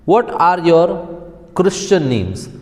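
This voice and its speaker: A man's voice: fairly high pitch, very animated, takes it slowly, a little mellow, pitched above the performer's own voice. A male teacher reading the lines of a menacing male criminal intruder, in a long-reverb recording. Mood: curt threatening. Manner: read aloud plainly from the textbook.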